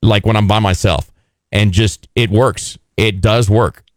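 A man co-hosting a casual chat, talking loudly and teasing the others. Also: lowish voice, fairly even intonation, a little slow, dry recording, studio quality. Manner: loud, joking, teasing. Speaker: podcast co-host.

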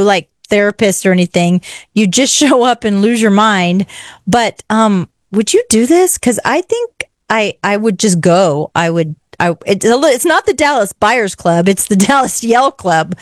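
A woman co-hosting a casual chat, telling stories in an animated way and laughing as she talks. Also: mid-range voice, no echo, clean studio sound. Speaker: podcast co-host.

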